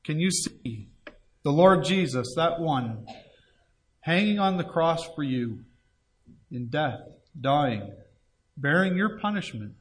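Earnest male preacher, slightly high voice. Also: animated, takes it slowly, pauses often. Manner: earnest pleading, reads scripture aloud in old-fashioned wording. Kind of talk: evangelistic sermon.

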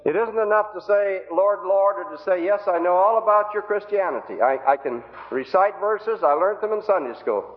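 On a tinny, phone-like old recording, a man preaches an evangistic sermon, earnestly pleading with the congregation through rhetorical questions. His voice is high, at a moderate pace with few pauses.

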